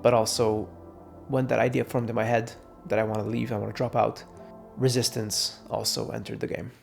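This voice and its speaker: A man's voice: on the low side, flat delivery, moderate pace, creaky, music in the background. A young man talking straight to camera in a casual rant, blunt and sarcastic, swearing freely and mocking other people in quoted voices. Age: young adult. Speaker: vlogger. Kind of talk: casual ranting monologue.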